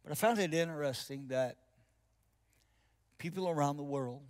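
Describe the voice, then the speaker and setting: A man, a pastor preaching a sermon and telling a story, acting out both sides of a conversation and dropping to soft, intense tones for his key points. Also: fairly high pitch, moderate pace.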